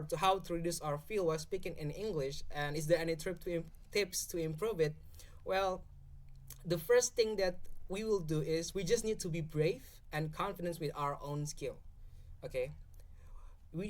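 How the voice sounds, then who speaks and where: Indonesian-accented young man explaining. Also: on the high side. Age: young adult. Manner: explanatory, keeps checking in with "okay?". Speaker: podcast guest speaker. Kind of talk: casual explanatory podcast talk.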